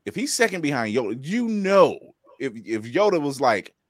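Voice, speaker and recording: A man's voice: a little high, sing-song, moderate pace, dry recording, clean studio sound. A man co-hosting a podcast in loose, casual chat, swearing freely, laughing often and acting out quotes. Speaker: podcast co-host.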